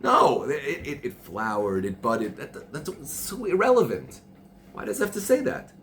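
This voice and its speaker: A man's voice: medium pitch, wildly swooping pitch, moderate pace. A middle-aged man hosting a casual chat, talking passionately, raising his voice and repeating himself. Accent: Jewish Orthodox Hebrew and Yiddish terms. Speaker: podcast host. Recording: faint background noise.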